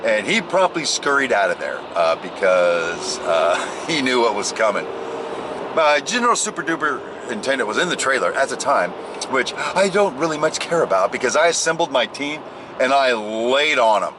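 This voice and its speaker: A man's voice: mid-range voice, big pitch swings, normal speed, background noise. A man chatting casually to a camera in his car while driving, joking around and ranting about his work day. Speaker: construction boss. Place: inside a car on the road.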